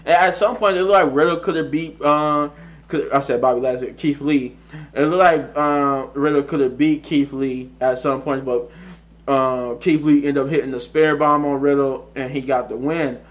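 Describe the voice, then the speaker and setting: A man's voice: fairly high pitch, steady tone, moderate pace. A man casually recapping a wrestling show, rambling with frequent restarts, self-corrections and chuckles. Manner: chuckles often while recounting. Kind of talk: casual solo review recap.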